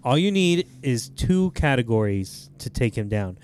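A man's voice: medium pitch, sing-song, unhurried, darkish tone. A man hosting a podcast, steering the segments in casual chat and teasing his co-hosts. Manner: steers the segments, reads sponsor lines, teasing. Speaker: podcast host.

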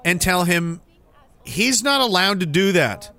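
A man hosting a stream, giving sarcastic, mocking commentary on a video clip and breaking into shouts. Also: high voice, animated, measured pace. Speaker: stream host.

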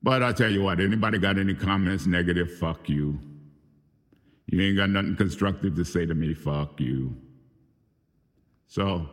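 Angry low-voiced man venting, reverberant. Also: steady tone, fast talker, hardly any pauses, fairly bright tone. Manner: profane, venting, confrontational, addressing people by name. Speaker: host of his own show. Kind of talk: angry unscripted monologue.

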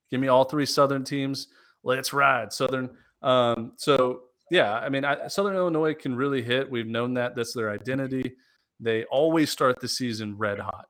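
A man co-hosting a casual sports podcast, talking through his picks in a relaxed way with plenty of fillers. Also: medium pitch. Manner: relaxed, thinks aloud with fillers. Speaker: podcast co-host.

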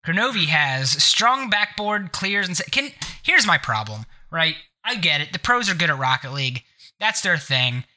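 A man's voice: a little high, very animated, normal speed, bright, forceful tone. A man with a stuffed-up nose hosting a casual gaming podcast, joking and sarcastic as he rambles. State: congested nose. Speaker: podcast host.

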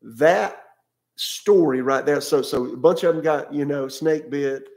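Gravelly-voiced pastor preaching casually. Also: male voice, a little high, measured pace, a little mellow. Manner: conversational preaching, repeats words, asks listeners questions. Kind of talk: sermon.

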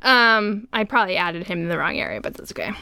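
Woman podcast co-host, smooth clear voice, dry close recording, casual plot recap with wry asides. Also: fairly low pitch, lively intonation, quick pace, pushed and bright, dry recording. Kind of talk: casual book discussion.

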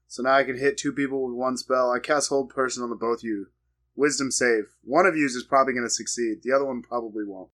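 A man playing a tabletop game, briskly declaring his character's spells and actions. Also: medium pitch, a bit bright. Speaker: player.

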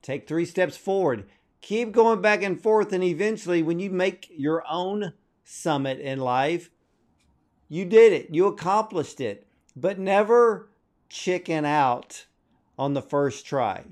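A man's voice: high voice, lively intonation, slow pace, darkish tone. A man hosting a motivational podcast interview, addressing his audience emphatically in a preacher-like way. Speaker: podcast host.

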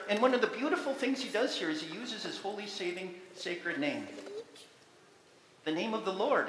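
A man's voice: sits high, a bit bright. A man preaching a sermon as pastor, talking earnestly and using many rhetorical questions. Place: church sanctuary. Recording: echoey church sanctuary with long reverb.

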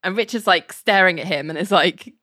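A woman's voice: on the low side, a little fast, sharp tone, no room sound, studio quality. A woman casually recapping a show, chatty, acting out quoted lines and laughing often.

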